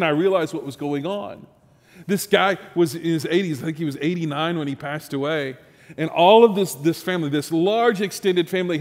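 A man's voice: fairly high pitch, long reverb tail. A middle-aged man, a pastor preaching a sermon and telling stories with mounting emphasis. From Texas, USA. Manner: storytelling, animated, with rising emphasis and restarts.

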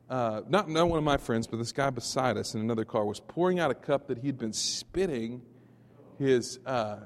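A man from Texas preaching a Sunday sermon in a somewhat high voice. He tells stories with many restarts and jumps to sudden loud peaks. His voice rings with the long reverb of a church hall. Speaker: pastor.

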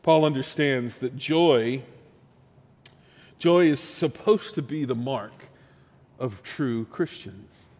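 A man's voice: mid-range voice, takes it slowly, pauses often, long reverb tail. A middle-aged man, a pastor preaching a sermon and telling stories with mounting emphasis. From Texas, USA. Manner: storytelling, animated, with rising emphasis and restarts.

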